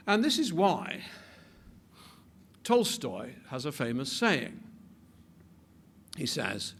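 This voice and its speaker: A man giving a public talk with animated delivery, building to emphatic peaks and often repeating words as he restarts his sentences. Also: a little high, slow pace, pauses often, husky. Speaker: speaker.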